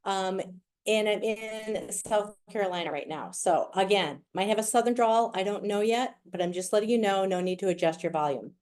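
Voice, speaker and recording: A woman's voice: mid-range voice, normal speed, darkish tone. A middle-aged woman with a Wisconsin accent giving a chatty, playful presentation over a video call. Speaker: guest speaker. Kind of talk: virtual presentation.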